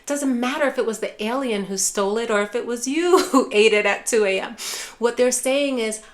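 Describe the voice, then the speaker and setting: A woman with a somewhat high voice teaches caregivers of people with dementia. She speaks in a reassuring way, often calls her viewers care partners, and softens her voice when she models kind phrases to use. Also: normal speed. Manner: acts out caregiver phrases softly. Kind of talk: direct-to-camera teaching.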